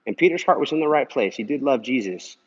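Husky man, earnest casual encouragement. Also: medium pitch, animated, fast talker. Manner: earnest and conversational, full of "man" and "you know"; talking while walking. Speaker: Christian vlogger answering a viewer comment. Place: indoor pool area. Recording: dull lo-fi recording.

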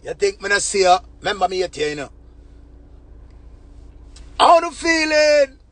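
A man with a Jamaican accent talking on a phone live stream, rambling in patois with proverbs and shout-outs. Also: high-pitched, very fast, no room sound. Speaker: livestream host. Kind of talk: casual live-stream talk.

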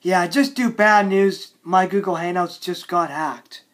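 A man vlogging an angry, repetitive rant, often shouting and scolding. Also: high-pitched, unhurried, hardly any pauses, noisy background.

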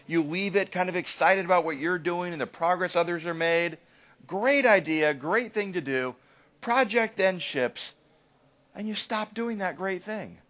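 A man giving a live lecture to an audience as an agile trainer, animated and often checking in with "right?". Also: high-pitched, unhurried.

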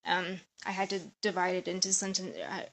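A woman's voice: lowish voice, level tone, brisk, fairly bright tone. A woman in her thirties talking casually on a live stream, rambling and jumping from topic to topic. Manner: rambling, chatty, jumps between topics. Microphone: phone or webcam on a live stream.

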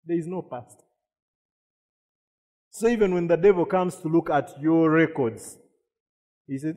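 A man's voice: a little high, a little slow, long pauses, a little mellow. A man preaching a sermon, repeating words and asking the congregation questions. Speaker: pastor. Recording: long reverb of a hall.

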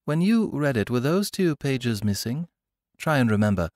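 A man doing an excitable young detective. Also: mid-range voice, normal speed, no echo, studio quality, pitched above the performer's own voice, lightly acted. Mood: questioning. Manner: urgent, pressing questions. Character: young male amateur sleuth, eager and excitable.

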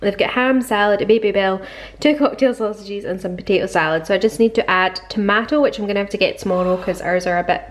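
A woman's voice: medium pitch, fast talker. A British woman in her twenties chatting casually to camera in a vlog, gushing and full of fillers. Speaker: vlogger. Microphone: handheld camera.

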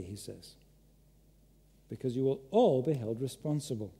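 A man's voice: medium pitch, lively intonation, measured pace, warm tone, slightly rough. A man preaching a sermon, earnest and emphatic, pressing his listeners with direct questions. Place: large church hall. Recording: echoey church hall.

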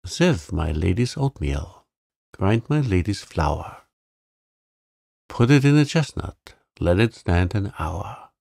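A man's voice: low-pitched, big pitch swings, takes it slowly, vocal fry, darkish tone, no echo, studio quality, exaggerated voice. A man voicing a chorus of tiny, cheeky tailoring mice in a light, sing-song voice, raised well above his own. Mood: gleeful.

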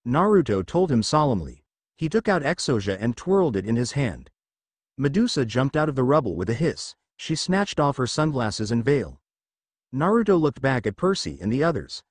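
A man narrating a fan fiction adventure story in a steady storytelling manner. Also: mid-range voice, moderate pace, dry recording.

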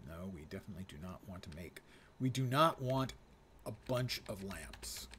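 A man's voice: sits low, animated, normal speed, a bit bright, a little hiss or hum. A middle-aged man streaming a game, casually thinking aloud as he reads menu items. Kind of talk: casual live gameplay commentary.

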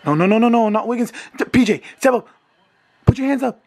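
A man's voice: very high voice, expressive, brisk, gravelly, a little mellow, soft background music. A young man in his twenties reacting live to a basketball game at home, anxious and pleading, swearing and groaning as he talks into a handheld camera. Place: home, indoors.

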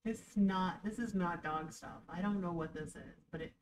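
A woman dog trainer giving casual reaction commentary, animated and sarcastic, often breaking into laughter. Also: lowish voice, moderate pace, recorded from a distance, slight background noise, rough recording.

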